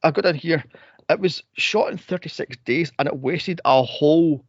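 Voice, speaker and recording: Male podcast host, animated, sweary, gravelly voice, dry lo-fi recording. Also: fairly high pitch, moderate pace, no room sound. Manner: animated, sweary, laughs a lot, acts out scenes. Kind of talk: casual movie chat. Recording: dry, dull lo-fi podcast audio.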